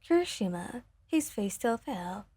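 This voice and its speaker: A woman narrating a fan fiction story gently and steadily as a storyteller. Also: mid-range voice, sing-song, normal speed, slightly rough, dry recording.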